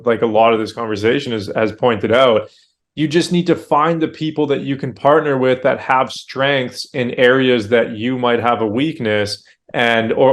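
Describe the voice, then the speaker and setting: A man hosting a casual interview, giving affirming and reflective follow-ups to his guest. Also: mid-range voice. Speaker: podcast host.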